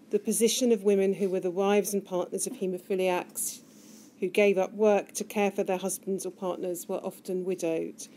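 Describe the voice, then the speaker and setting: A woman questioning a witness at a formal hearing, in a measured, gentle way. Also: fairly low pitch, slight background noise. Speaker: inquiry counsel questioning a witness. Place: hearing room.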